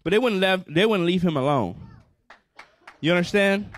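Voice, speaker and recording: A man's voice: high-pitched, expressive, normal speed, a little hiss or hum. A male pastor preaching a fervent sermon, repeating phrases and calling out to the congregation.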